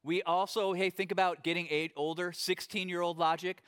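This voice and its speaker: Animated, high-voiced man preaching. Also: moderate pace, smooth. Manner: conversational, animated storytelling with acted quotes. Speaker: pastor. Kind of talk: sermon.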